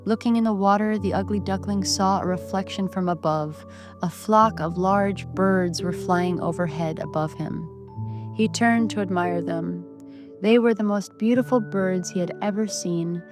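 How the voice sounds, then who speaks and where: A woman reading a bedtime story aloud in a gentle, expressive way. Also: mid-range voice, normal speed, music in the background.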